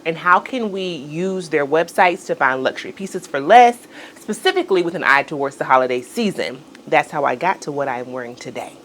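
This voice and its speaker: A woman's voice: fairly low pitch, a little hiss or hum. A woman fashion vlogger chatting casually through an outfit try-on, playful and exclaiming as she talks to her viewers. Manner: playful, exclaims "girl" and "y'all", chatty and animated. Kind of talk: casual try-on vlog chat.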